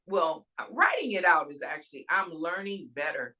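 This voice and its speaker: A woman hosting her own show, giving an animated faith-based talk on soul care and self-care. She calls her listeners y'all and checks in with them, asking "all right?". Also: deep voice, moderate pace. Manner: emphatic, preacher-like cadence. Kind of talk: casual inspirational talk.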